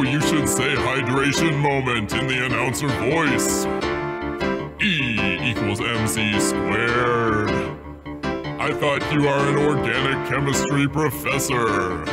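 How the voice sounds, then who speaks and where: Booming trailer announcer, male , played by a man, slow and grand, loud music behind.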